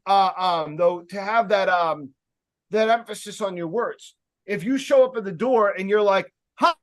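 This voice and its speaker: A man giving a casual sales training talk, speaking loudly and emphatically, with rambling jokey asides and plenty of fillers. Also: high voice. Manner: loud, emphatic, projecting voice.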